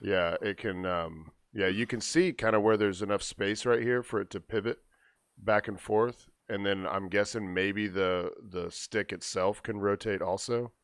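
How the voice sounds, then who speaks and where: A low-voiced man hosts a podcast and calmly walks his co-hosts through tech news in a loose, conversational style. His voice is recorded dry and close, with no room echo. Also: a little slow, clear, resonant tone. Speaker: podcast host. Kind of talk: casual chat.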